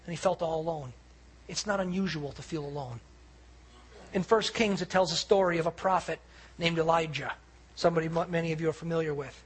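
A man preaching a sermon with a husky, somewhat raspy voice that sits high for a man. He tells stories in an animated way, acting out what people said. He speaks as a pastor to his congregation. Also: quick pace.

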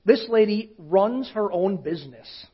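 A pastor with a fairly high, husky voice tells a story from the pulpit, casual and conversational, often sinking to a near hush. The recording sounds dull and lo-fi. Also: male voice, animated, measured pace. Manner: conversational, often dropping to a hushed voice. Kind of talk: sermon storytelling.

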